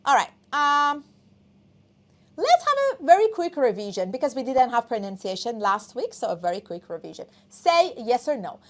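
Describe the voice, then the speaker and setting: Lively high-pitched Persian-speaking woman teacher. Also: moderate pace. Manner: animated, coaxing, checks in with "okay?". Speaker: English test teacher. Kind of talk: online class lecture.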